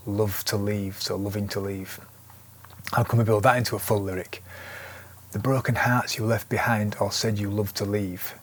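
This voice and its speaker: A man teaching lyric writing in a casual, thinking-aloud way. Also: fairly low pitch. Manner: relaxed, thinking aloud with restarts. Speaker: songwriting teacher. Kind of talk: casual instructional talk.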